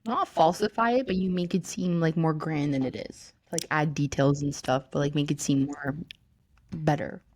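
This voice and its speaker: A woman co-hosting a podcast in casual chat, talking loosely with lots of fillers and quick laughs. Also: low-pitched, darkish tone. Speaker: podcast co-host. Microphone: own mic on a remote call.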